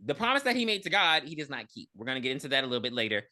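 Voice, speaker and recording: Lively, bright-voiced podcast co-host. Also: mid-range voice, racing. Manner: profane, animated storyteller who acts out characters. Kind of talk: casual movie recap chat.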